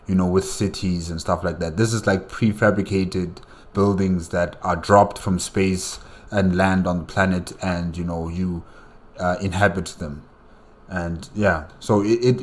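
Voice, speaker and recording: A man reacts to a video game in casual commentary. He speaks in a very deep voice at an unhurried pace, and his remarks ramble along with plenty of fillers. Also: a little mellow.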